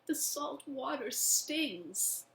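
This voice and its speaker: A woman voicing a young boy in pain, speaking in a high, strained, plaintive way. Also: expressive, very slow, fairly bright tone, a little hiss or hum, full character voice. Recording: echoey room.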